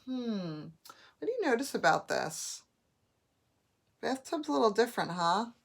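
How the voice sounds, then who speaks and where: A woman teaching a phonics lesson, sounding out words slowly and clearly, syllable by syllable. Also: on the high side, very animated.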